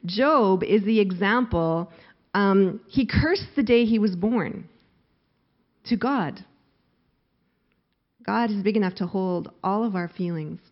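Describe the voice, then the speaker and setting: Expressive middle-aged woman preaching, lo-fi. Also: medium pitch, takes it slowly, pauses often. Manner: expressive, acts out quoted laments with rising force. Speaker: pastor. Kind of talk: sermon. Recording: slightly dull lo-fi recording.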